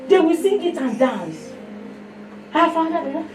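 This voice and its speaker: A woman with a Nigerian accent giving a sermon mixed with her own testimony, telling stories in an animated way. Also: extremely high pitch, measured pace. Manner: storytelling, animated, breaks into song. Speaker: fellowship speaker. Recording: echoey room, mic heard from a distance, faint noise.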